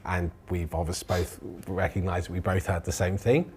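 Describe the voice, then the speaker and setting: A man's voice: sits low, flat delivery, normal speed, a little mellow, a little hiss or hum. A man taking part as a player in a tabletop game, talking casually and hesitantly. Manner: hesitant, with fillers.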